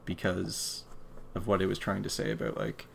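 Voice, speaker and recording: Man, casual podcast co-host, gravelly low voice with a bright edge, blunt and candid. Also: little pitch movement, normal speed, a little hiss or hum. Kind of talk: casual chat about video games.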